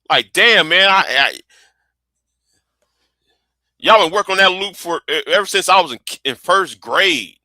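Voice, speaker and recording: A man's voice: high-pitched, pushed and bright, no echo. A man from Texas, chatting casually on a livestream in a rambling, profane way with stammering restarts. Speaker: livestream host.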